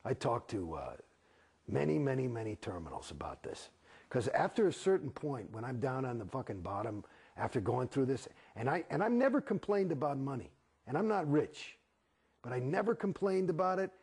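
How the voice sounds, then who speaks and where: Gravelly, profane man ranting in interview. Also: mid-range voice, very animated, moderate pace, darkish tone. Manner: wry, sarcastic. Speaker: interviewee, actor. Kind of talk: candid interview.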